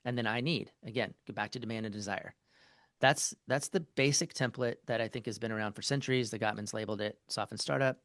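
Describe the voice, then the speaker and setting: A man speaking as a therapist guest in a relaxed interview, his lowish voice carrying a gravelly edge. He tells stories loosely, restarting sentences and leaning on fillers. The recording is close and dry. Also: fast, no room sound. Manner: conversational storytelling, many fillers and restarts. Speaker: marriage therapist, podcast guest. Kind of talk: casual interview conversation.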